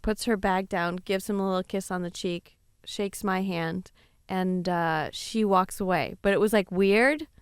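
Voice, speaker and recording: A woman comedian guest telling stories in animated casual chat, laughing as she goes. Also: medium pitch, a little slow, clean tone, dry recording, studio quality.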